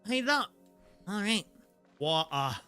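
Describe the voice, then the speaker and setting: A man's voice: high-pitched, animated, moderate pace, sharp tone. A man streaming a game and chatting casually, rambling with lots of "like" fillers and laughing easily. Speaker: streamer and voice actor. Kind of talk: casual gaming stream chat. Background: faint game music.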